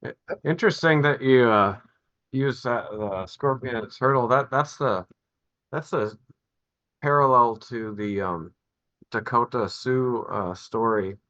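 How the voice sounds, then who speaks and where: A man musing aloud on a video call, halting and rambling with many fillers. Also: medium pitch, fairly bright tone, no room sound. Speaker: participant in a Zoom class. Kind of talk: casual chat on a video call. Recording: dull, dry video-call audio.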